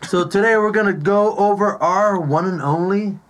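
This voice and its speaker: A man's voice: high voice, moderate pace, a bit bright. A man hosting a casual podcast with friends, laid-back and loose, swearing freely over a beer. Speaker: podcast host. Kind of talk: casual chat. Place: home room.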